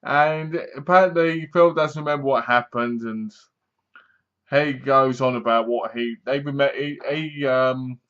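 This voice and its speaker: A man's voice: medium pitch, a little slow, a bit bright, clear, resonant tone. A man casually reviewing a film to his webcam, retelling the plot in a rambling way and laughing at the jokes. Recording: dull lo-fi webcam audio.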